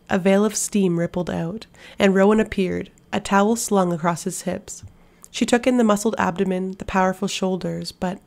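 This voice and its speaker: A woman narrating a fantasy audiobook in a hushed, steady storytelling manner. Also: medium pitch, gravelly. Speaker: audiobook reader.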